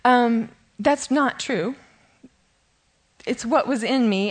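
A woman's voice: on the high side, slow, pauses often. A middle-aged woman giving a casual, self-deprecating Bible study talk, laughing often and a bit shaky with nerves. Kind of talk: informal teaching talk.

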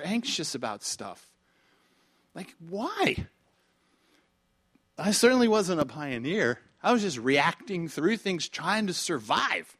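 Animated preacher man with shouted peaks. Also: high-pitched, slow, slightly rough. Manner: animated, swings from quiet asides to shouted emphasis; conversational with repeated phrases and rhetorical questions. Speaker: pastor. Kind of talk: sermon.

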